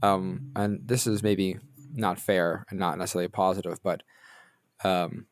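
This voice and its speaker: A man's voice: low-pitched, level tone, measured pace. A man hosting a podcast, leading casual chat with jokey, self-deprecating banter. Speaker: podcast host.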